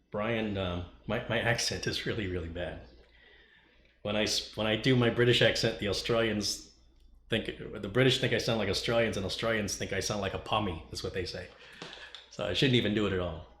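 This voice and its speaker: A man's voice: lowish voice, normal speed, fairly bright tone. A man hosting a casual livestream, reading viewer chat and joking with the people in it. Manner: joking, teasing, chatty. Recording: echoey room, faint noise.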